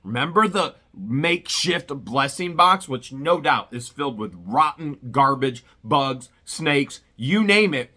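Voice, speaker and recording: Brief: male vlog host, bright, lively, higher-pitched delivery, indignant commentary over faint music. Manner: animated and indignant, rhetorical questions. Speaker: vlogger and citizen journalist host. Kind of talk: outraged commentary to camera.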